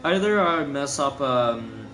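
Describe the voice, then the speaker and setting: A man's voice: mid-range voice, animated, measured pace, noisy background. A young man talking casually over a replay of his own race, rambling and correcting himself, sleepy and yawning. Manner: rambling, filler-heavy, self-correcting. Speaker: gaming video commentator. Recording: gameplay music behind.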